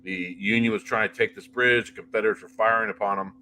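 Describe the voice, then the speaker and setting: In a relaxed interview, a middle-aged man who investigates the paranormal fires off lively anecdotes, piling example upon example and frequently restarting his sentences as he talks freely. He has a lowish voice and talks fast, and a little hiss or hum is audible.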